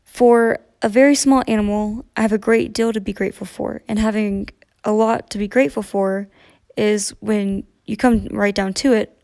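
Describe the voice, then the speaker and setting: A woman's voice: medium pitch, fairly even intonation, gravelly, darkish tone, natural voice. A woman voicing a very small, nervous male piglet in a storybook read-aloud, speaking in a nervous rush. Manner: nervous, rushed.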